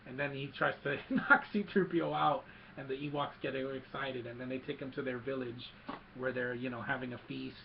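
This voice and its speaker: A man excitedly recapping a movie scene by scene, mixing in sound effects and quick character quotes. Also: medium pitch, creaky, dull audio, a little hiss or hum. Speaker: movie reviewer.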